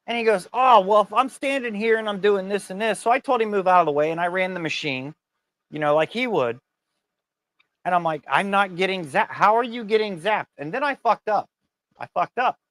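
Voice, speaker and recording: A middle-aged man in casual chat, telling an animated work story full of swearing and laughter. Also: sits high.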